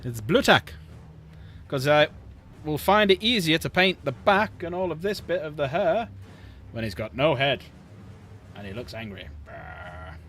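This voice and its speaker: A man's voice: fairly high pitch, lively intonation, measured pace, pauses often, a bit bright, faint music behind. A man hosting a livestream, chatting casually and jokily with his viewers while painting miniatures. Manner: chatty, jokey, talks to chat. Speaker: livestream host.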